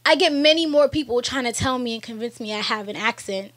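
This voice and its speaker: A woman's voice: fairly high pitch, a little fast. A young woman from New York with a New York accent, talking animatedly and emphatically as an actress guest on a podcast in a studio. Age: young adult. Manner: animated, emphatic, talks in long runs. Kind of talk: casual podcast interview. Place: recording studio.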